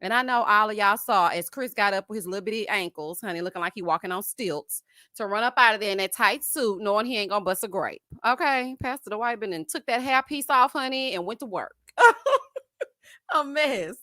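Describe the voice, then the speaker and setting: A woman hosting a live-stream recap of reality TV. She talks in a sassy, animated way, calling viewers honey and child and laughing often. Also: medium pitch, a little fast, no echo, studio quality. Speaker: TV recap show host.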